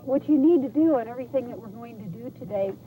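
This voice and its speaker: A woman's voice: a little high, animated, fast talker, narrow, tinny audio. A woman animal trainer coaching pet owners through commands, repeating her instructions with encouragement. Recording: noisy outdoor VHS recording.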